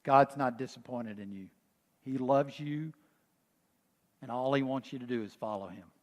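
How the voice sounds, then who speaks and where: A male pastor preaching a sermon with quiet urgency, at times reciting song lyrics softly. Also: mid-range voice, moderate pace. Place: church sanctuary. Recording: long church reverb.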